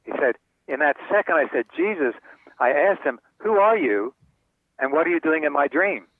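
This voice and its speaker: A man's voice: a little high, brisk, no room sound. An older man, an author being interviewed, telling stories and acting out the voices of the people in them. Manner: animated storyteller acting out quoted voices. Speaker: author and guest. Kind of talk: storytelling interview answers. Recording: tinny phone line, dry.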